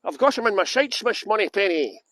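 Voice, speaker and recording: A man's voice: sits high, lively intonation, a little fast, fairly bright tone, no room sound. A Scottish man working as a tour guide, rambling through self-mocking banter and greeting viewers by name during a live stream outdoors in a garden. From Scotland.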